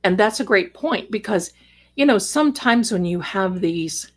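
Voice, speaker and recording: A woman hosting a casual livestream from home, chatting with viewers at a desk microphone, rambling warmly and calling them darling and sister. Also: mid-range voice, lively intonation, measured pace. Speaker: livestream host and psychic reader. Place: home, cat on her lap.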